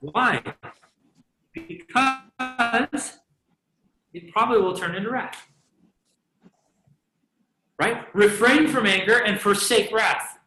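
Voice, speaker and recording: A man's voice: sits high, unhurried, pauses often, sharp tone. A man preaching a sermon in a conversational way, often asking the congregation "right?" and joking between points. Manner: conversational, asks the crowd "right?" often, jokes and laughs. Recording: roomy echo.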